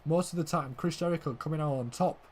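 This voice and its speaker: A young man doing play-by-play wrestling commentary, excitable and shouting at big moments, often calling out "ladies and gentlemen". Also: fairly high pitch, fast. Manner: excitable, shouting when the action peaks, then calmer recap.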